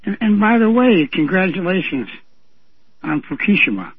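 A man's voice: high voice, big pitch swings, moderate pace, slightly rough, dry recording. A man chatting on a radio show who tells rambling stories with chuckles. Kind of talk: casual radio talk. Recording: dry, dull lo-fi radio sound.

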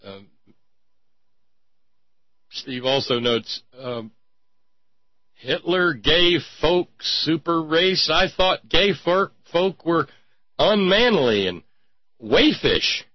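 A man hosting talk radio, giving mocking, sarcastic commentary and breaking into sudden high-pitched exclamations. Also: expressive, takes it slowly, pauses often, dry recording, dull audio. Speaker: radio host.

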